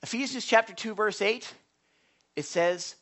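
A man's voice: high-pitched, a little slow. Male pastor, conversational sermon. Folksy, checks in with listeners, big swings in volume. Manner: swings between loud bursts and quiet asides.

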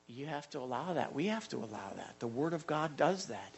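A male pastor preaching a sermon in an animated way, repeating words and adding asides. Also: medium pitch, brisk, vocal fry, hardly any pauses, husky.

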